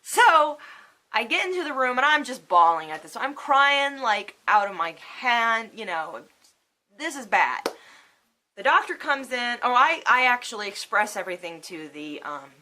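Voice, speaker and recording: Animated, bright-voiced woman vlogger. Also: fairly high pitch, measured pace. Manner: emotional, swears freely, animated. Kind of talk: casual storytelling to camera.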